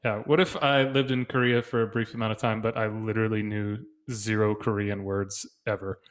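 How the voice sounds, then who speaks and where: A man in his thirties hosts a relaxed podcast conversation with his friend. He jokes easily and laughs often. He slips into playful voices when he quotes other people. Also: on the low side, brisk. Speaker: podcast co-host. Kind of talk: casual chat.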